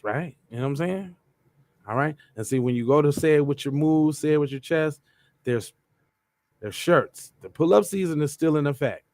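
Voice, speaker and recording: A man's voice: mid-range voice, dry recording. A man hosts a podcast and chats casually about merchandise with a loose, playful delivery. His voice sits in a middle register. The room is dry, the sound close. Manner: loose, playful, chanting asides. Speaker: podcast host. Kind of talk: casual merch pitch to viewers.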